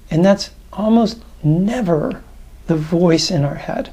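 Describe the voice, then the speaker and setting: A man, a tapping practitioner and coach, giving conversational, reflective advice to the camera with thoughtful pauses. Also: a little high, lively intonation, mellow, husky.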